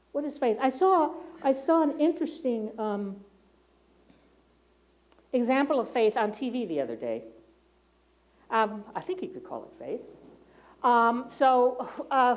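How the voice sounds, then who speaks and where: A woman's voice: fairly high pitch, darkish tone, low-quality recording. A middle-aged woman giving a conversational sermon in a church, candid and personal, with frequent fillers and restarts. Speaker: church speaker. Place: church sanctuary.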